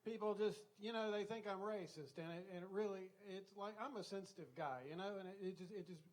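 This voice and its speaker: A man's voice: high-pitched, fairly quick, a little mellow. Older Southern man doing folksy stand-up. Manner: folksy drawl, chatty asides with "you know". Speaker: stand-up comedian. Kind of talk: stand-up routine. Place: comedy club stage.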